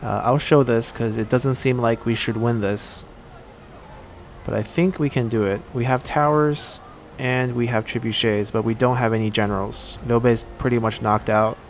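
A man giving casual let's-play commentary while he plays a strategy game, thinking aloud and pausing often on fillers. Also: medium pitch, fairly even intonation, a little hiss or hum. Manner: thinks aloud, halting with frequent "uh".

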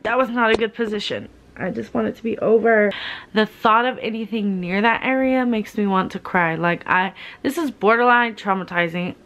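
A woman's voice: mid-range voice, moderate pace, a bit bright. Young woman, pained and weary, casual vlog talk, candid, curses, lots of "like". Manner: candid, swearing, heavy use of "like". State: in pain, weary. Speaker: vlogger.

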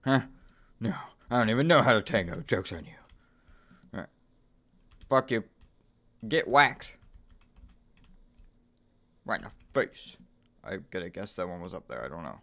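A man giving let's-play commentary on a horror game, swearing constantly, trash-talking the game's characters and bursting into sudden yells of frustration. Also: low voice, sing-song, unhurried, pauses often. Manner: profane, frustrated outbursts and sudden yelling. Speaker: gaming YouTuber.

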